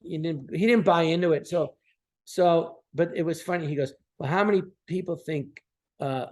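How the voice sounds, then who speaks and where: A man's voice: on the high side, gravelly. A man in his sixties, a podcast guest, telling anecdotes casually and acting out the people he quotes. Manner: animated, acts out quoted voices.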